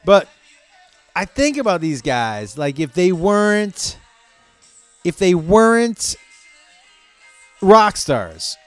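A man riffing on his podcast in a loose, profane, rambling monologue. His voice sits fairly high and jumps around a lot. The sound is smooth, close and dry, with faint music underneath. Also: very animated, slow pace, long pauses, no room sound. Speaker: podcast host. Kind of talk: casual comedic monologue.

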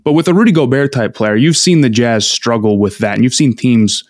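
A man co-hosting a casual sports chat, making his points in a measured, slightly hesitant way. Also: mid-range voice, darkish tone, no room sound, clean studio sound.

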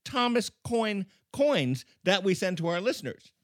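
A man's voice: sits high, big pitch swings, a little slow, no echo, studio quality. A man co-hosting a comedy podcast, chatting casually and playfully, stretching out running catchphrases. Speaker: podcast co-host.

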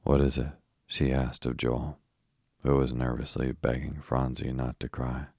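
A man with an extremely deep, husky voice reads a bedtime story slowly and softly. His delivery stays almost level, with very little rise or fall in pitch. The recording is close and dry. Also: dry recording. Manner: slow, soft and steady, for falling asleep. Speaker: narrator.

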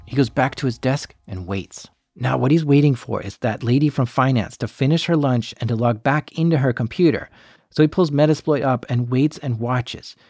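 Calm male podcast narrator, dry sound. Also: mid-range voice, no echo. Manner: calm, measured, explanatory. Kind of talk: scripted true-crime narration.

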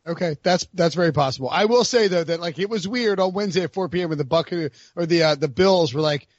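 A man's voice: fairly high pitch, fast, no echo, highs cut off. A man hosting a casual sports podcast, rambling and stumbling over his words. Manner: rambling, self-interrupting. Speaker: podcast host.

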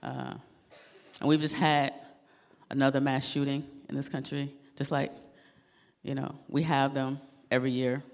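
A woman comedian performing a stand-up set, animated and laughing at her own jokes, on a club stage mic. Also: extremely low pitch, moderate pace, vocal fry, long pauses, long reverb tail.

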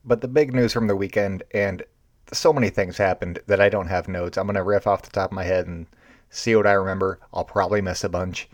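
A man with a low-pitched voice hosts a baseball show, riffing off the top of his head. His tone is sarcastic and ranting. The recording is dry and close, with no room sound. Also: fairly even intonation, brisk, no echo. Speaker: baseball podcast host. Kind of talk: unscripted sports commentary.

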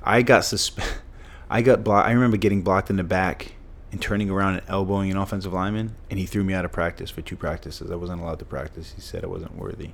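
Deep, creaky and flat, this voice races along with few pauses. It's a middle-aged man from Massachusetts, a former football player, telling stories as a guest on a podcast. He's emphatic and likes to repeat phrases for punch.

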